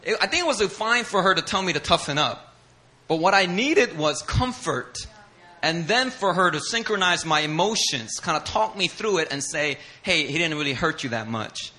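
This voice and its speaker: A pastor whose first language is Korean preaches a sermon, telling stories animatedly, acting out voices and laughing often. His voice is high-pitched and his pace moderate.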